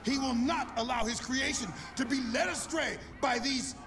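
A man's voice: very high voice, moderate pace, music in the background. An actor playing an angry male street preacher who rants fervently in a video game. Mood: fanatical. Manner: fiery, preachy ranting.

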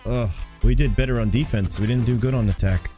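A man's voice: medium pitch, a little fast, warm tone. A man chatting with his live chat while playing a shooter game, laughing often. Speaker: streamer. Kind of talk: casual live gameplay chat. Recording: game music and gunfire behind. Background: game sounds and gunfire.

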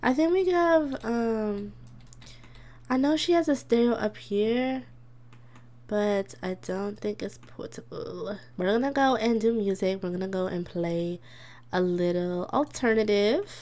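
A woman's voice: medium pitch, a little slow, a little mellow. A young woman chatting casually as she plays a life-sim game, reacting aloud to her characters and giggling often. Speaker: gaming YouTuber. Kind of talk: casual let's-play commentary.

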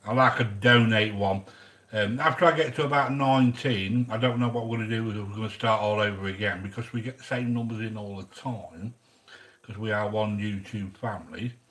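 A man's voice: on the low side, moderate pace, a bit bright. A man chatting casually while hosting a cooking vlog, rambling and joking and greeting viewers by name. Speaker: cooking channel host.

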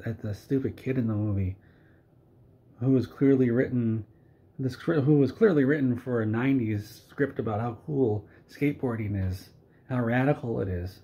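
A man delivering a sarcastic comedic movie rant in a deadpan, mock-earnest way, often stumbling over his words and restarting. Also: medium pitch. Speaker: video creator. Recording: dull lo-fi recording.

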